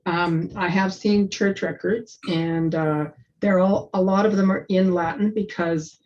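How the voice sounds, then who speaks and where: Middle-aged woman, lowish voice, chatty storyteller, muffled lo-fi recording. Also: fairly even intonation, darkish tone, slight background noise. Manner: chatty, halting with restarts. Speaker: presenter. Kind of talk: casual storytelling in discussion. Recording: dull lo-fi sound.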